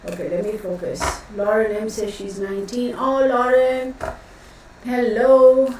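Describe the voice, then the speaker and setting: A woman's voice: a little high, level tone, a little slow, a little mellow. Woman hosting a tarot live stream, talkative and rambling, heard from across a very echoey room. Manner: chatty, rambling, greets viewers by name. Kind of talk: casual live-stream chat. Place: home room with a fan running. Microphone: distant mic, noticeable echo. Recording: very echoey room, voice far from mic, faint fan noise.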